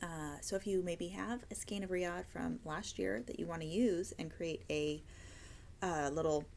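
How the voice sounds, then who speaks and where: A woman hosting a relaxed chat, her voice low and gravelly with a fry at the ends of phrases. She talks in a chatty, gushing way, piling up words of praise. A faint hiss of noise sits behind her. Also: moderate pace. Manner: chatty, enthusiastic, gushing about yarn. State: hiccups and tired. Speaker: yarn shop owner and host. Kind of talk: casual interview chat.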